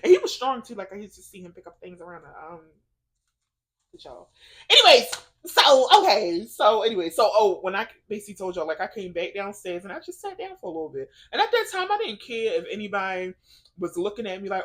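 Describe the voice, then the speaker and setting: Animated, emotional woman vlogger. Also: medium pitch, a little fast. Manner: chatty storytelling, lots of "like". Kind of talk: casual faith-based chat.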